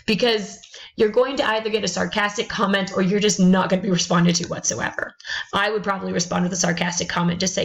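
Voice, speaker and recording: A woman's voice: mid-range voice, fairly quick, low-quality recording. A woman teaching college English, lecturing bluntly about email etiquette with sarcastic, exasperated asides.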